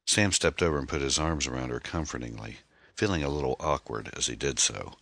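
Deep-voiced male audiobook narrator. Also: fairly bright tone, dry recording. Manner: measured, dramatic storytelling. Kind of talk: scripted narration.

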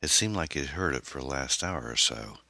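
A man reading his own novel aloud as an audiobook, in an unhurried, measured way. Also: extremely low pitch, lively intonation, sharp tone, no room sound, clean studio sound. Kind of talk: scripted audiobook narration.

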